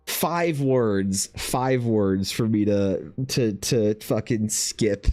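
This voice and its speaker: A man's voice: fairly low pitch, unhurried, darkish tone, dry recording, soft background music. A man streaming while he draws, chatting in a rambling, profane, self-mocking way. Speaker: art streamer. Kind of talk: casual chat while drawing.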